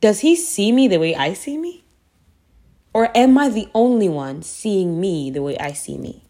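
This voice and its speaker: A woman's voice: mid-range voice, expressive, measured pace, mellow. A woman hosting a devotional podcast, speaking earnestly and repeating phrases for emphasis. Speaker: faith podcast host.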